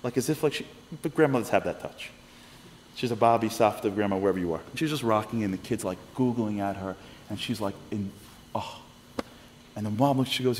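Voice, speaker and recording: A man speaking to a congregation, telling a story with animated shifts of voice as he acts out the people in it. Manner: lively, acts out the people in his stories with quick shifts of pitch. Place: synagogue hall. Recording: long reverb of a hall, faint noise.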